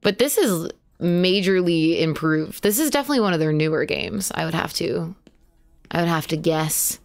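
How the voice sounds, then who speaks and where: Chatty woman streamer with a lively, lowish voice. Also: normal speed, vocal fry. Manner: chatty, jumpy, yelps at scares, swears casually. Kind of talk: live horror gameplay commentary.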